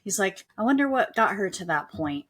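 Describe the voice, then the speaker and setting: A woman's voice: medium pitch, big pitch swings, a little fast, a bit bright, slight background noise. A woman hosting a podcast from home, chatting casually and animatedly acting out quoted voices. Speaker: podcast host. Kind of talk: casual conversational interview. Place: at home, with children and a dog nearby.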